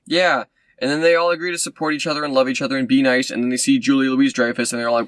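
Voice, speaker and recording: A man rambles through a movie plot in a loose, sarcastic way, full of ums and side remarks. His voice sits at an ordinary pitch, and the sound is dry and close, with no room around it. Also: level tone, quick pace, a bit bright, dry recording. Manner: sarcastic, rambling, with many fillers. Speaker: movie reviewer. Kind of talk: casual rambling recap.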